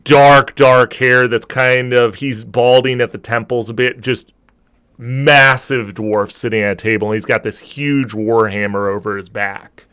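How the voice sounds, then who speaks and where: A man running a tabletop game as game master, describing scenes with many pauses and restarts. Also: medium pitch, fairly even intonation, a bit bright, clear, resonant tone, no room sound. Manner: hesitant, many ums and restarts while describing.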